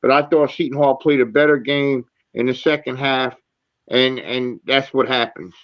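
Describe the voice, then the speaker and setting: A man's voice: mid-range voice, steady tone, moderate pace, highs cut off. A man hosting a postgame sports talk show, reading stats with many fillers and restarts. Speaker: show host.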